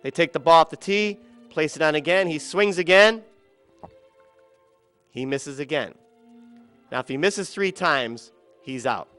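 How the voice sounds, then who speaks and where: A middle-aged man telling a personal story about a children's ball game, dramatic and quoting others in softer or louder voices. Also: fairly high pitch, measured pace, pauses often, clear, resonant tone, faint music behind.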